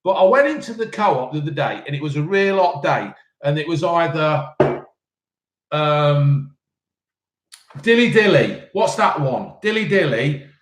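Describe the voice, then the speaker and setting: A man's voice: a little high, lively intonation, unhurried, echoey room. A man in his fifties hosting a casual live chat. He reads out viewers' questions and answers them with blunt, sweary, cheeky banter. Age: 50s. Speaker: live-stream host reading chat questions.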